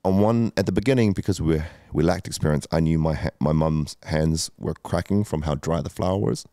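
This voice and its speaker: Podcast guest: very low, gravelly man, candid and emotional, swears freely, dry sound. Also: fairly quick, dark tone, dry recording. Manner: emotional, swears often, many fillers. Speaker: guest entrepreneur. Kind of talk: candid storytelling chat.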